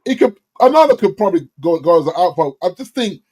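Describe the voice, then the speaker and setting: Animated man with a fairly high voice. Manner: animated, stammers into quick bursts. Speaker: podcast co-host. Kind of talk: casual football chat.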